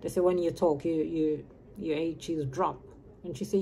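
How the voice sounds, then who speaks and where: A woman in her fifties, raised in Birmingham, talks on and on in a loose, wandering vlog chat, dropping her H's as she goes. Her voice sits a little low and sounds soft and mellow. A faint hum of ambient noise runs behind her. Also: steady tone, unhurried. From grew up in Birmingham, England. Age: 50s. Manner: chatty and meandering, drops her H's. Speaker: vlogger. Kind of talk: casual rambling chat.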